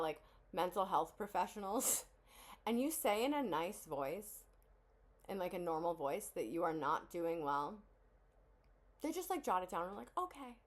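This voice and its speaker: A woman hosting a casual song reaction video, talking with blunt, profane candor and frequent sighs. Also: medium pitch. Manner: blunt, candid, profane oversharing with sighs and laughs.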